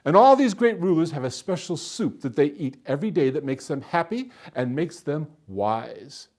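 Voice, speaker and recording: Brief: man voicing a wily war veteran, lively pitch, coaxing storybook charm. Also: normal speed. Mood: showman. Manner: pleading, then grand and persuasive. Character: hungry, polite, crafty male soldier home from war.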